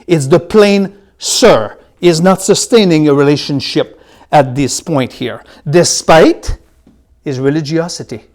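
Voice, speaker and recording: Man teaching scripture, loud then hushed. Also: on the high side. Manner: slows down to spell out and repeat key words; swings between loud emphasis and soft asides. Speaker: Bible teacher. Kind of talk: Bible study teaching.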